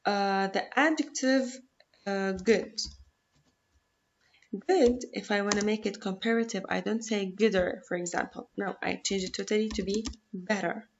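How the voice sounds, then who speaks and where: A woman's voice: medium pitch, unhurried, muffled recording, slight background noise. A woman whose first language is Arabic, teaching an English grammar lesson patiently, repeating rules and checking in with "okay?".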